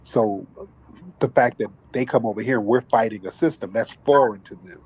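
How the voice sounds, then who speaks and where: A man's voice: lowish voice, normal speed, a little mellow, husky, rough recording. Emphatic preachy male talk-show host.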